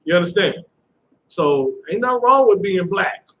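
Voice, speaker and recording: A man's voice: high-pitched, expressive, moderate pace, fairly bright tone, low-quality recording. A man teaching a scripture class in a casual lecturing manner, often checking "you understand?".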